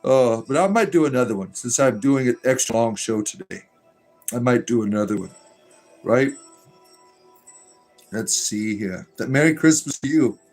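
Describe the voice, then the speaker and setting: A man's voice: mid-range voice, lively intonation, normal speed, pauses often, a little mellow, soft background music. Joking man reading livestream chat. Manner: joking, irreverent, laughs often.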